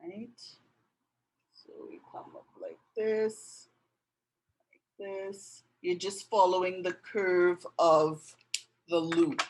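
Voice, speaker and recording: Slow, low-voiced woman teaching drawing. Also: fairly even intonation, slight background noise, poor audio. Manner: gentle, narrates each step while drawing. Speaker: art tutor. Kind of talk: casual drawing tutorial. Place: indoors with passing road traffic.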